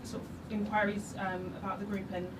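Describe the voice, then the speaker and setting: A woman in the audience introduces her writers group and asks a question, halting often with fillers. She is heard from across the room, buried in loud background noise. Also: medium pitch, level tone, far from the mic. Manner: hesitant, many fillers. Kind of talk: audience question at a literary event.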